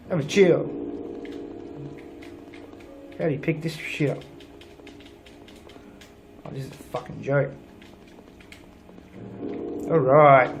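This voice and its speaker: Young male let's-player, slightly high voice, sweary and sarcastic, home desk mic. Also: a little hiss or hum. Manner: swears a lot, grumbling and sarcastic. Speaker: gaming channel host. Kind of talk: let's play commentary.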